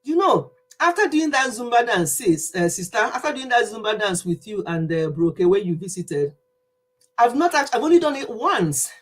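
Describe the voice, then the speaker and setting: A woman's voice: fairly high pitch, very animated, moderate pace. A woman hosting a casual home livestream, chatting to viewers by name and laughing often, a little out of breath from exercising. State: slightly out of breath. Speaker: livestream host. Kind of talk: casual livestream chat with singing.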